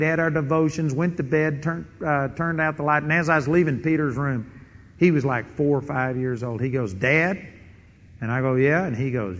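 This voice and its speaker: A middle-aged man preaches with a high, bright voice, acting out prayers and stories with animated delivery. The sound is dull and carries a long hall reverb. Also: slight background noise. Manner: animated storytelling with quoted prayers and chuckles. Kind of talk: sermon.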